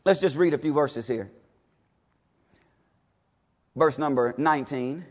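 Speaking slowly, a man delivers a sermon to his congregation. He is emphatic and repetitive, swinging between loud declarations and hushed, intense passages, and he asks rhetorical questions.

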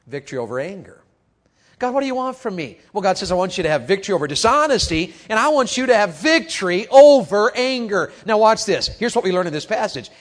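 A man preaching a youth sermon, animated and calling out questions to the crowd, moving from quiet talk to shouting. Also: high-pitched, fast talker, hardly any pauses.

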